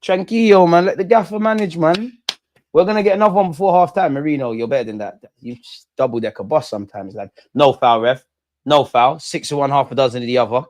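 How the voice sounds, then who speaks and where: A young man hosting a live football watch-along, reacting loudly and bantering at the players. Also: fairly high pitch, fast, slight background noise. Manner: excitable, shouts at goals, banters at players. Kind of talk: live match reaction commentary.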